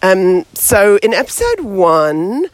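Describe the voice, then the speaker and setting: A woman hosting a podcast, teaching storytelling in a lively, chatty way while she walks outdoors with her baby. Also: mid-range voice, slow, no echo, low-quality recording. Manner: lively and chatty, with many fillers. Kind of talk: casual instructional talk. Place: outdoors, walking with a baby past traffic.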